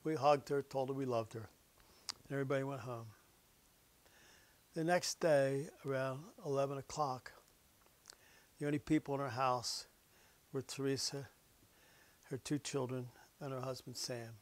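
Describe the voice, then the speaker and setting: A middle-aged man, a pastor, telling a personal story in a folksy, conversational way during a meditation, sometimes dropping to a hushed whisper. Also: medium pitch, steady tone, normal speed, pauses often. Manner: drops to a hushed whisper for solemn moments.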